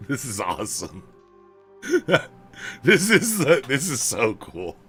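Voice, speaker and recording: Bright-voiced male streamer, lively. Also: mid-range voice, slow, slightly rough, faint music behind. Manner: laughs easily, chatty asides. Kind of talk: casual livestream chat.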